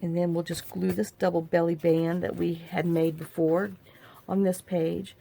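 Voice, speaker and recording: A woman's voice: fairly low pitch, level tone, a little slow, vocal fry, dark tone. A middle-aged woman hosting a crafting video, rambling and chatting to herself as she works. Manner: rambling, talks to herself while working. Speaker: crafting channel host. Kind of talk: casual crafting tutorial chat.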